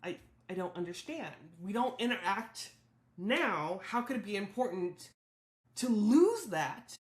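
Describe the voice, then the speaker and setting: A woman's voice: mid-range voice, sing-song, unhurried, roomy sound. A woman hosting a solo podcast, talking candidly and reflectively about her own thoughts and feelings. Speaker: podcast host.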